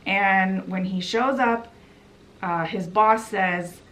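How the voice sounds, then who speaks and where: Slow-talking woman retelling a book. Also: mid-range voice, a bit bright. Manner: chatty retelling with quoted voices. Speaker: book vlogger. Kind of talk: casual book summary.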